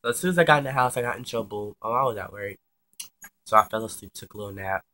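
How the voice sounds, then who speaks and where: A man's voice: on the low side, lively intonation, fast, bright, forceful tone, slight background noise. A young man casually telling a personal story, chatty and slangy with lots of swearing. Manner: chatty and slangy, swears freely, many fillers.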